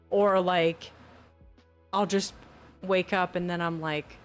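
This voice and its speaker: A woman's voice: lowish voice, slow pace, soft background music. A young woman chatting casually on a live stream from her new home, talking into a desk USB mic without a pop filter. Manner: chatty, rambling, giggly. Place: new home with fan and AC running.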